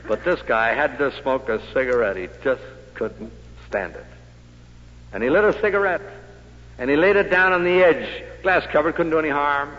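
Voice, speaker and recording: A man's voice: on the high side, expressive, normal speed, fairly bright tone. A man giving a motivational speech to salesmen, telling stories punctuated with punchy rhetorical questions. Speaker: speaker addressing salesmen. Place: meeting hall with audience. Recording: echoey hall on dull old recording.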